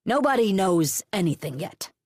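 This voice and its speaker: A woman's voice: medium pitch, big pitch swings, normal speed, darkish tone, no echo, clean studio sound, voice pushed up. A woman voicing a brusque male police captain in an audiobook, curt and commanding. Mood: stern.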